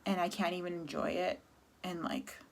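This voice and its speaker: A woman from Canada in her thirties, talking candidly and haltingly about her depression in a personal vlog, close to tears. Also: fairly low pitch, sing-song, creaky. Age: 30s. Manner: candid, halting, many restarts and fillers. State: sad, near tears. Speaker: vlogger.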